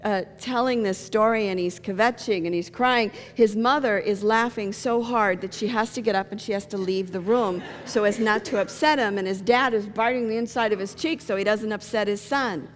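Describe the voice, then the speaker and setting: A woman pastor giving a sermon, telling funny stories and jokes in a lively storytelling manner. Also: mid-range voice, normal speed, few pauses. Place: church sanctuary. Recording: long reverb of a church hall.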